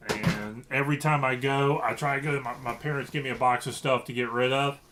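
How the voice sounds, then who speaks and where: A man's voice: medium pitch, steady tone, fairly quick, noisy background. A man from Louisiana chatting casually to camera about reselling, rambling with many fillers and restarts. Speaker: reseller vlogger.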